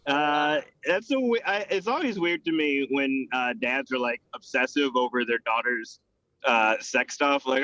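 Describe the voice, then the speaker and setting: A man's voice: mid-range voice, unhurried, sharp tone, no echo. Rambling host calling in from his car. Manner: rambling, filler-heavy. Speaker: show host. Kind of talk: casual banter over a video call. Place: in a car, driving at night. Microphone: video call. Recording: muffled lo-fi video call audio.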